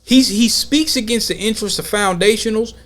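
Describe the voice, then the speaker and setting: A man hosting a podcast, talking in an emphatic, slangy, animated way during a casual debate. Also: sits high, a little fast. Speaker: podcast host.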